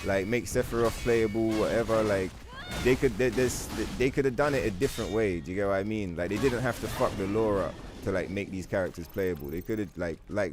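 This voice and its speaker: A man livestreaming a game, talking to his chat in a rambling, profane, animated way. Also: fairly low pitch. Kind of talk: casual gaming stream chat.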